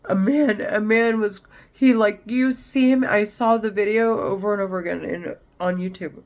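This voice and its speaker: A woman's voice: mid-range voice, steady tone, moderate pace, few pauses. A woman talking straight to camera in a rambling, agitated monologue, swearing often. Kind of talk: monologue vlog.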